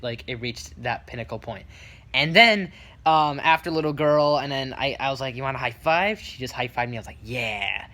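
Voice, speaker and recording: Male vlogger, bright, rambling storyteller, lively retelling with quoted voices. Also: mid-range voice. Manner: rambling, full of restarts and fillers. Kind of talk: casual story time.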